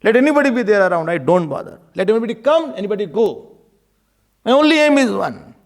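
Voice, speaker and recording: A man's voice: sits high, big pitch swings, quick pace. A man giving an impassioned devotional discourse as a spiritual teacher, pleading and exhorting his listeners. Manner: impassioned, mixing in Hindi verses and pleading cries.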